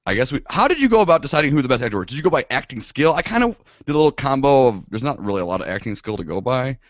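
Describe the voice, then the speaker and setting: A man's voice: medium pitch, sing-song, rapid-fire, no echo. A young man co-hosting a podcast, talking in a laid-back casual way with lots of fillers. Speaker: podcast co-host. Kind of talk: casual chat. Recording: dull lo-fi dry sound.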